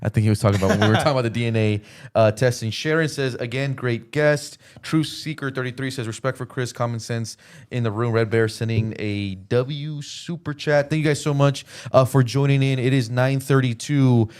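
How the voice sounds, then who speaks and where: A man's voice: medium pitch, fairly quick, darkish tone, clean tone. A man hosting a live podcast stream, casually reading out viewer super chats and cueing his producer. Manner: loose, filler-heavy, reads comments aloud.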